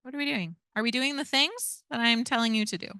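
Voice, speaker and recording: A woman's voice: on the high side, fast, sharp tone, clear, resonant tone, dry recording. A woman in her thirties leading an interactive parenting workshop in a casual, chatty way, often adding "like" and "right?". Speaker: parenting educator leading a training.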